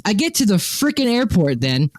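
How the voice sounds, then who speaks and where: A man co-hosting a podcast, telling a story in casual chat, lively and swearing, acting out the people he quotes. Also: high-pitched, moderate pace, dry recording. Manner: animated, swearing, quotes people in exaggerated voices. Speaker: podcast co-host.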